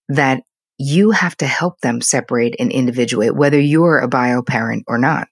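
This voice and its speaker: A woman's voice: a bass voice, breathy edge, dry recording. A middle-aged woman, a psychotherapist, talking candidly and animatedly as a podcast guest. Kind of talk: podcast interview.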